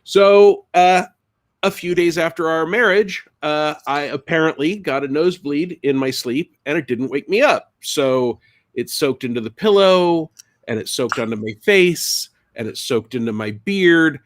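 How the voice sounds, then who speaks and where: A middle-aged man telling a funny story on a casual live stream, animated and acting out the screams. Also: fairly high pitch, unhurried. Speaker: co-host and game designer.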